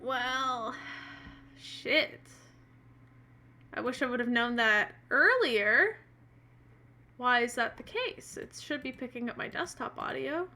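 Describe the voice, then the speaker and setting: A woman's voice: high voice, expressive, slow, pauses often, sharp tone. A woman narrating a tabletop role-playing game as game master on a live stream, hesitant and full of fillers.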